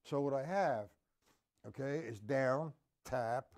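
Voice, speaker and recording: Counting beats and checking in with viewers, a man leads a live-streamed drum lesson while a loud drum kit plays in the background. He talks slowly in a mid-range voice.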